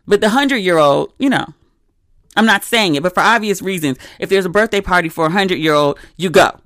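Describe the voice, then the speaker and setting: A woman's voice: fairly low pitch, a little fast, dry recording, clean studio sound. Chatty woman hosting a podcast. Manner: animated, conversational storytelling with asides. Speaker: podcast host. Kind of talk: casual solo chat.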